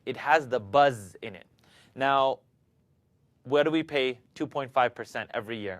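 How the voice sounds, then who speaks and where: A man's voice: mid-range voice, expressive, brisk, a bit bright, dry recording. A man teaching Quran recitation in a video lesson, patiently demonstrating each letter sound aloud for learners to repeat.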